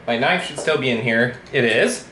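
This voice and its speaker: A man's voice: mid-range voice, animated, moderate pace. A tired man in a house, chatting casually and rambling to the camera as he goes about his day. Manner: rambling, easygoing, talks to his cat. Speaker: vlogger. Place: cold, drafty house at home. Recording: echoey room with faint noise.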